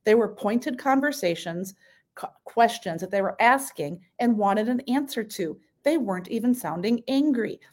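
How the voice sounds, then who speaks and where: Middle-aged woman senator on a radio show, earnest and plain, mid pitch, stumbles and restarts now and then. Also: animated, normal speed, darkish tone. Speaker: state senator, radio guest. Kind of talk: casual radio interview.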